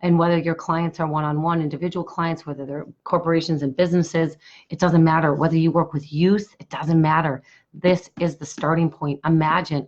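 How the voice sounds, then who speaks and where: Hoarse low-voiced woman coach, lo-fi stream. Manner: enthusiastic, repetitive, pitching a workshop. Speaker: business coach. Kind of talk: live stream talk to viewers.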